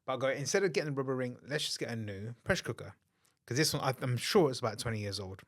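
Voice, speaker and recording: A man's voice: medium pitch, lively intonation, racing. A man co-hosting a podcast, telling a story bluntly in casual chat and swearing freely. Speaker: podcast co-host.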